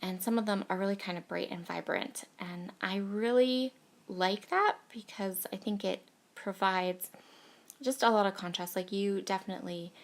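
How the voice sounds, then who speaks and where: A chatty woman in her thirties talks through a craft project, hoarse from a cold, with a gravelly, fry-edged voice at a middle pitch. She gushes over cute things in a bubbly, casual way. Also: normal speed. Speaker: scrapbooking crafter. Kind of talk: casual crafting tutorial chat.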